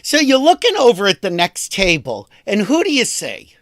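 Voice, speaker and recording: A man's voice: sits high, huge pitch swings, moderate pace, fairly bright tone, no echo, studio quality. A man hosting a casual interview and asking curious, playful questions. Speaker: talk show host.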